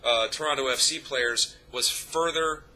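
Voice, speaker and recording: Speaking to his vlog audience, a young male YouTuber tells a rambling, profane anecdote to camera, full of fillers and restarts. His mid-range voice is bright and forceful but unhurried, and the audio is poor.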